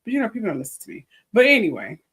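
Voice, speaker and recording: A woman's voice: mid-range voice, wildly swooping pitch, very fast, a bit bright, husky. Chatty woman hosting a gossip livestream. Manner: chatty, rambling, talks to viewers in comments. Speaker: gossip show host. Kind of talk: casual livestream chat.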